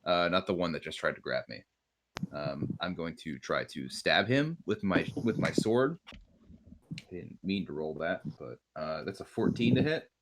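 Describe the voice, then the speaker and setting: A man's voice: sits low, expressive, unhurried, fairly bright tone, slight background noise. A man playing a tabletop game over an online call, casual and prone to swearing. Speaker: player.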